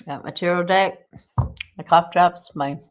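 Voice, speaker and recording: Hosting a casual livestream from home, a woman with a Southern US accent sounds congested from a cold. Her fairly low voice is unhurried with fairly even intonation, and she chats and rambles with lots of ums.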